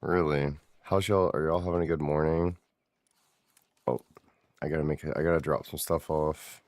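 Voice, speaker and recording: A man's voice: extremely low pitch, steady tone, moderate pace, darkish tone, dry recording. A man streaming a game, chatting casually with viewers and swearing offhand as he plays. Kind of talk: casual gameplay commentary.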